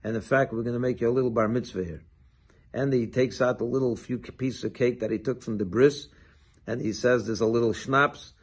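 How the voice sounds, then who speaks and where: A man, a rabbi, giving a short sermon and telling a story with lively acted-out dialogue. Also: medium pitch, brisk, slightly rough. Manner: animated storytelling, acts out quoted dialogue.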